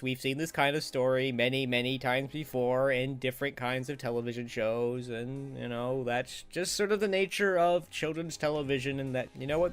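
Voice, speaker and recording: A man giving a casual, chatty spoken review of a cartoon episode, animated and often laughing at himself. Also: on the high side. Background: faint background music.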